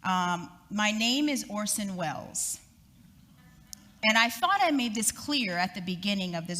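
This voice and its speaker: A woman voicing an apologetic male radio dramatist speaking slowly and formally, in an echoey hall. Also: medium pitch, sharp tone, exaggerated voice.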